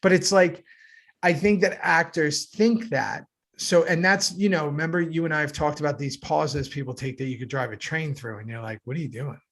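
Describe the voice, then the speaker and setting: A middle-aged man with a gravelly voice talks through a TV episode on a podcast. He is animated and conversational, with a slightly high pitch and frequent "right?" checks to his co-host. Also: normal speed. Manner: animated, thinks aloud with many "right?" asides. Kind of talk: casual review chat.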